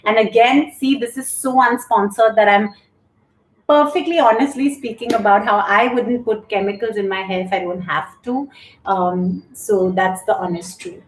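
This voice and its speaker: A middle-aged woman who is a yoga instructor and show host speaks at a moderate pace in a mid-range voice during a live stream. She chats candidly, thanking viewers as she reads their comments aloud, in an echoey room.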